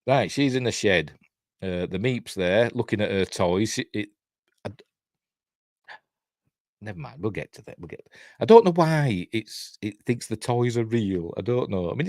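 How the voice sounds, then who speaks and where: A man's voice: medium pitch, animated, normal speed, no room sound, studio quality. An older man with a Yorkshire accent giving a casual, rambling watch-along review, chuckling often. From Yorkshire, England. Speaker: reviewer and channel host.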